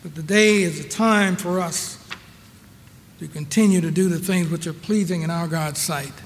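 A man preaching a sermon, slow and emphatic, repeating his rhetorical questions to the congregation. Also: on the high side, fairly even intonation, a little hiss or hum. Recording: long reverberant hall.

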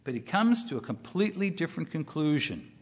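A middle-aged man preaching a sermon, emphatic, repeating key phrases and rising in pitch when he quotes scripture. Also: very animated, fairly quick. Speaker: pastor. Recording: muffled recording with long hall reverb.

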